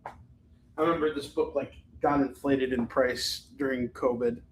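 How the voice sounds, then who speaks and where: A man's voice: medium pitch, fairly even intonation, measured pace, a little hiss or hum. Man casually selling comics on stream. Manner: casual and rambling, swears freely. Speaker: live shopping stream host selling comics. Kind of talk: casual live-stream sales chat. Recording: echoey room.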